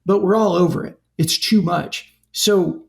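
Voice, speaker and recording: A man speaking as a podcast guest, telling a story in an animated, conversational way. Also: high-pitched, unhurried, gravelly. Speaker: podcast guest, company founder.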